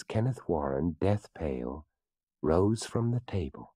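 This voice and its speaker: Man reading a spooky story, voice swoops all over, dark and dry. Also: sits low, animated, no room sound. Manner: theatrical, slowing and hushing for suspense. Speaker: narrator.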